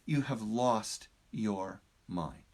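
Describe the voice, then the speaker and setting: A man voicing a stubborn, panicky male frog who has lived all his life in a well, in a high, stammering voice. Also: drawn-out words. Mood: scornful. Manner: high, shrill, stammering and excitable. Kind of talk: storytelling.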